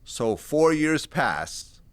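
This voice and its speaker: A man's voice: fairly high pitch, very animated, drawn-out words, slight background noise. A man hosting an interview, recapping events and asking probing follow-up questions. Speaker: interview host.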